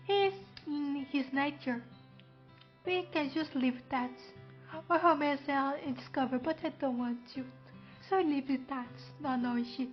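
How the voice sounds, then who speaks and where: Girl streaming a visual novel, high voice, chatty, kinda dull sound w/ faint music. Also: moderate pace. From Brazil. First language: Portuguese. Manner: chatty asides in non-native English, loose grammar.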